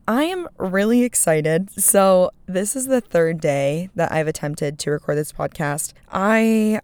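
A woman's voice: on the low side, clean tone, no echo. A young woman hosting her own podcast, chatting casually in a bubbly, rambling, self-deprecating way from inside a parked car. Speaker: podcast host. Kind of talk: casual solo podcast chat.

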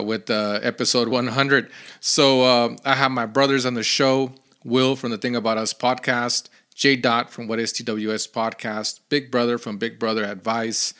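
Bright-voiced man telling a podcast story. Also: mid-range voice. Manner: rambling, animated storytelling with many fillers. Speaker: podcast host. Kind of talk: casual solo podcast storytelling.

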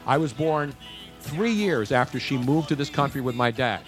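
A man's voice: mid-range voice, lively intonation, normal speed. A man from Philadelphia with a thick New York accent, co-hosting a radio show and ranting with mock indignation in casual banter. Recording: music playing under the talk.

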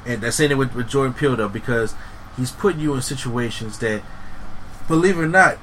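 A man chatting casually about horror movies, animated and emphatic, swearing freely. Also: mid-range voice, a little fast, slight background noise, poor audio.

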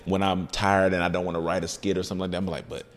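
A man's voice: low voice, very fast. A man in casual conversation, telling a personal story and acting out the voices of the people in it. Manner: animated storyteller, acts out voices in quotes. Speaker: guest, comedian.

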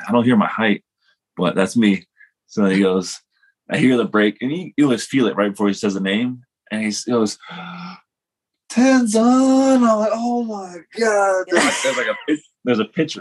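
Husky, low-voiced man telling stories. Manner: rambling, self-mocking storyteller with laughs. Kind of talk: casual podcast chat.

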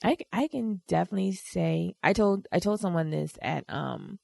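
A woman's voice: on the low side, animated, normal speed, gravelly, darkish tone, dry recording. A woman co-hosting a podcast in casual chat, playful and teasing, laughing often. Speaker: podcast co-host.

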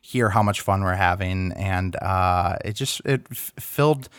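A man's voice: deep voice, unhurried, clear, resonant tone, no echo. A man co-hosting a podcast speaks earnestly and from the heart to listeners. His voice sits mid-range and sounds dry and close. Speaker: podcast co-host. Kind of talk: casual podcast chat.

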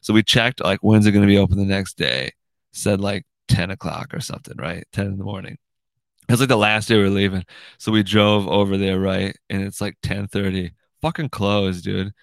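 Gravelly young guy, loose and profane. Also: low voice, fairly even intonation, normal speed, no echo. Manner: profane, rambling, ends lines with "dude" and "right?". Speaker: podcast host. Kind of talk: casual monologue. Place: room in his house.

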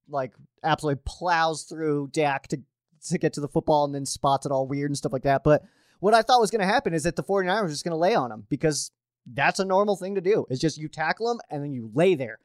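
A man's voice: on the high side, no echo, clean studio sound. A man hosting a sports show, talking casually and chattily with frequent restarts. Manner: chatty, restarts often, uses fillers. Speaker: sports podcast host. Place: at home.

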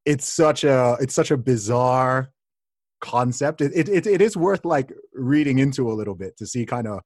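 A man's voice: mid-range voice, expressive, normal speed, a little mellow, dry recording. Guy host explaining stuff emphatically, lots of restarts, dry sound. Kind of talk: casual conversation.

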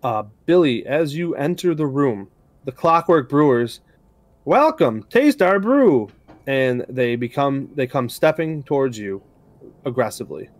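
Dry-miked game master. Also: male voice, medium pitch, moderate pace, no echo. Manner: relaxed, hesitant with frequent ums. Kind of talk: narrating a tabletop game.

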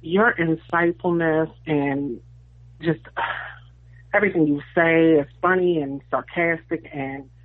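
A woman's voice: low-pitched, slow, dry recording. A woman caller leaving a chatty, gushing voicemail for a podcast. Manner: gushing, chatty, rambling with fillers. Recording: tinny phone voicemail.

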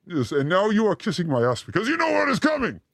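A man hosts a comedy live stream with playful, theatrical energy. His voice leaps from high squeaks to low growls within a few words, and it sounds close and dry with no room around it. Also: wildly swooping pitch, quick pace, creaky, a bit bright, dry recording. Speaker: show host.

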